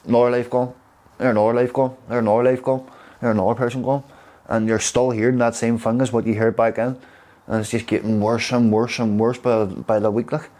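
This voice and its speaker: Derry man, interviewee, tells stories with lots of pauses and fillers. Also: medium pitch, darkish tone. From Derry, Northern Ireland. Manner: rambling, halting, with fillers. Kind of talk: casual storytelling.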